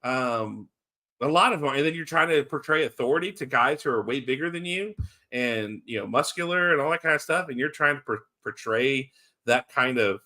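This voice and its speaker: A man's voice: medium pitch, lively intonation, moderate pace, pushed and bright. A man co-hosting a casual wrestling podcast, rambling with many fillers and restarts. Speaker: podcast co-host.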